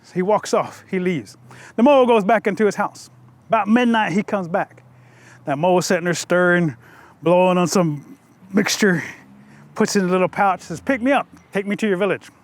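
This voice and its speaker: High-voiced male folk storyteller. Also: normal speed. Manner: lively, playful, asides to listeners. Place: museum.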